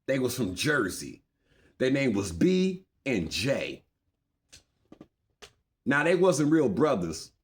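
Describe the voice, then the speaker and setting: A man's voice: medium pitch, darkish tone. A man telling a story from his past in a loose, rambling way, full of slang and repeated phrases for rhythm. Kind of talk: casual street storytelling to camera.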